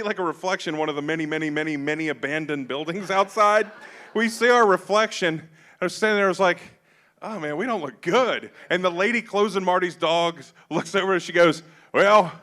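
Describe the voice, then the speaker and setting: With a high-pitched, bright and forceful voice, a man hosting a comedy show delivers profane stand-up stories from a club stage. He acts out the dialogue as he goes.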